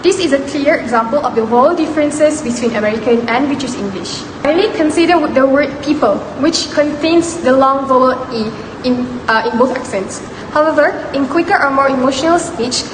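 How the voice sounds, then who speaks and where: A woman's voice: sits high, brisk, few pauses. A young Malaysian woman, a university student, carefully reading a scripted class presentation. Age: young adult. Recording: echoey room with long reverb, noise.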